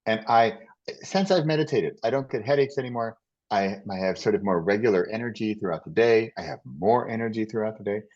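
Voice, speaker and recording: A man as a podcast guest in casual conversation, telling stories in a rambling, animated way with many restarts. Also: on the low side, fairly quick, lo-fi sound.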